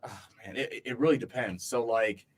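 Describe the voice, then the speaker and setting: A man's voice: medium pitch, normal speed, slightly rough. A man co-hosting a casual podcast chat, rambling with lots of fillers and laughing easily. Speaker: podcast co-host.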